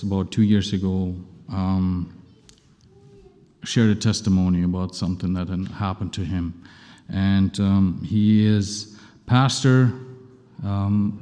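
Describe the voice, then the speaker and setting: Mellow low-voiced preacher in a big hall. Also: male voice. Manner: conversational and self-deprecating. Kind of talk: sermon with scripture reading. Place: church hall. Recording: long reverb of a large hall.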